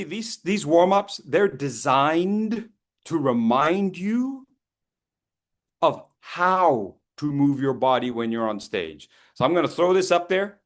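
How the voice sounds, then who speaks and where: A man in his fifties leading a public speaking workshop over a video call. His voice sits somewhat high, and his manner is playful and encouraging. He cheers people on by name as he goes. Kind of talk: lively interactive workshop coaching.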